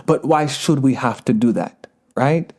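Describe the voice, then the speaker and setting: Podcast guest, male, thirties, light Jamaican lilt, earnest and rambling, mid-pitched. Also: a little slow, a little mellow. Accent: Jamaican patois touches. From United States. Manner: earnest, digressive, laughs mid-sentence. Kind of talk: conversational interview.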